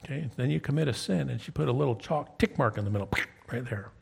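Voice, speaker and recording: A man in his fifties preaching, his voice gravelly with a husky edge at an ordinary pitch. He tells stories to the congregation in a conversational way, often pausing to ask "okay?" to check they follow. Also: a little mellow. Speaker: pastor. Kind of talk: sermon.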